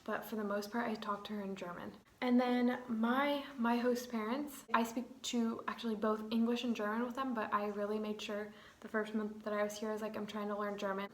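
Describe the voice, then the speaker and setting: A woman's voice: a little high, fairly even intonation, brisk, few pauses, echoey room, a little hiss or hum, poor audio. A young woman in her twenties, chatting casually as a vlogger, rambling with lots of "like.". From United States. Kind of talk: casual chat.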